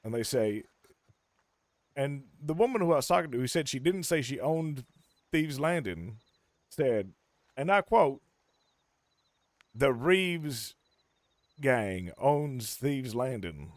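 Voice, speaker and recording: A man's voice: on the high side, measured pace, long pauses, no echo. A man casually telling a long story to friends on a call, swearing freely and acting out what people said. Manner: animated, profane, acts out quotes mid-story. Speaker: streamer.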